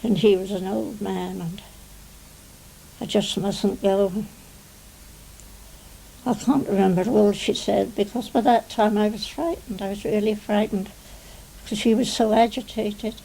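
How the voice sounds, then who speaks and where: A woman's voice: medium pitch, fairly even intonation, normal speed, creaky, warm tone, slight background noise, rough recording. An English woman in her nineties, a retired stage actress reminiscing in a television interview, rambling and often adding "you see". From England. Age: 90s.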